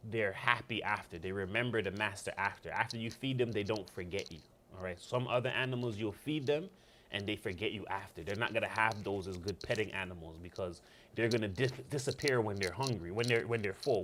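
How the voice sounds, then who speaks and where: Man, church Bible study teacher, animated and conversational, talks to the group as he goes. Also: lowish voice, a little hiss or hum. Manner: animated, conversational, asks "all right?" often.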